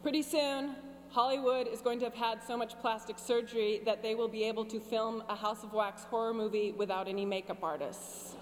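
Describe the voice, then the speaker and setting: A woman in her forties giving a commencement speech from a podium, with wry, sarcastic humor and deadpan asides. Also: on the high side, fairly quick, hardly any pauses. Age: 40s. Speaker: commencement speaker. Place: large graduation ceremony venue. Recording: long hall reverb with faint hum.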